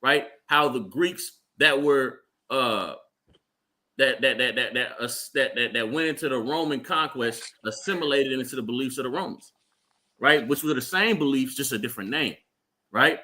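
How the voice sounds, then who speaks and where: On a live stream, a man leads a street-style Bible class in a medium-pitched, sharp voice at normal speed. He walks through scripture, keeps asking "right?" along the way, and frequently trips over repeated words.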